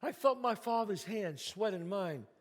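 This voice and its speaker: A solo stage performer from the Bronx, New York, tells a story alone on stage in a vivid, streetwise, dramatic style. His voice is high with lively intonation and a measured pace, and the hall gives it a stage reverb.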